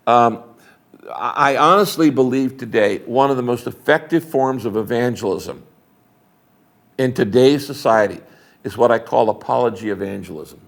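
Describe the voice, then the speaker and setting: An older man, a retiring pastor, speaking as an interview guest in an emphatic, animated, preacherly way, acting out little dialogues as he talks. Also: mid-range voice, vocal fry.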